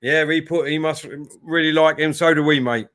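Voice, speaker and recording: A man's voice: on the high side, fairly even intonation, moderate pace, fairly bright tone. A man with an East London accent hosting a football watchalong stream, reading out viewer messages in a friendly manner. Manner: reads out chat messages, friendly. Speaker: stream host. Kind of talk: casual football watchalong chat.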